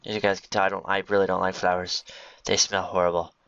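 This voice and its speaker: A man's voice: sits low, little pitch movement, fast, a bit bright, smooth, dry recording. A man giving casual, jokey gameplay commentary, rambling to himself as he builds. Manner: rambling, jokey, talks to himself and to game creatures. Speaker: gaming video host. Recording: dull lo-fi home recording.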